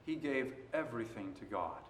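A man preaching a sermon, moving between quiet stretches and loud, emphatic passages. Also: mid-range voice, expressive, moderate pace, slight background noise. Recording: roomy echo.

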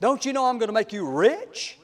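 A man's voice: very high-pitched, very animated, fairly quick, fairly bright tone, big-room sound, voice pushed up, heavily acted. A man voicing an impatient, demanding rich king. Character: impatient rich male king bribing a prophet.

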